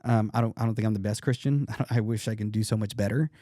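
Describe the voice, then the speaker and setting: A man's voice: lowish voice, fairly even intonation, quick pace, dark tone, no room sound, studio quality. A man in his thirties, a podcast guest, talking earnestly and reflectively, often restarting his sentences. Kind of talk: casual interview talk.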